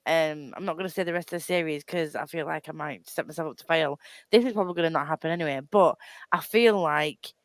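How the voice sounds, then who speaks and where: A woman's voice: low voice, fast, dry recording. A woman chatting casually about a book on a live show, rambling with many restarts and self-deprecating laughs. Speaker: book club co-host.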